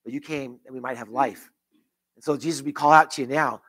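A man's voice: medium pitch, fairly even intonation, brisk, a bit bright, slightly rough. A man pastor leading a closing prayer in church, earnest, with repeated phrases and restarts. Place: church sanctuary.

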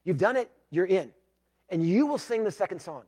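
A pastor preaching a sermon, emphatic, moving between loud declarations and hushed, pleading passages. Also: male voice, high-pitched, expressive, normal speed.

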